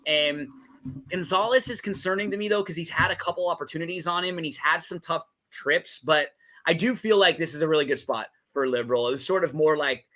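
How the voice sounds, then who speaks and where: Speaking fairly quickly in a slightly high, pushed, bright voice, a podcast co-host runs through race and game picks. The betting chat is relaxed and riddled with fillers and restarts.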